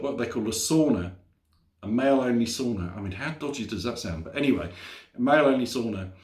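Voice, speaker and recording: A man vlogging to camera and telling a story in a rambling, self-correcting way. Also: fairly low pitch. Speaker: motorcycle vlogger. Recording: roomy echo.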